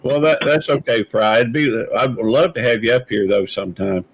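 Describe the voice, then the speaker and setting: A man's voice: mid-range voice, normal speed, breathy edge, low-quality recording. A man from Mississippi, hosting a live stream in an easygoing, rambling way and calling people brother. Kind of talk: casual live stream chat.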